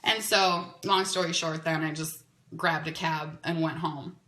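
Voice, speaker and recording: A woman podcaster tells a long story in a chatty, animated way, with a "like" in nearly every sentence. Her voice is bright and sounds as if it was recorded in an echoey room. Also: low voice, measured pace. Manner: chatty and animated, full of "like" fillers. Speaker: podcast host. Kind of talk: casual storytelling monologue. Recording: roomy echo.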